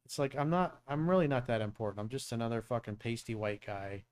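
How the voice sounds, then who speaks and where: Speaking fast in a mid-range voice, a middle-aged South Florida man who works as a dating coach and show host runs a casual live-stream Q&A. He answers questions bluntly, swears plenty, and tells lots of stories.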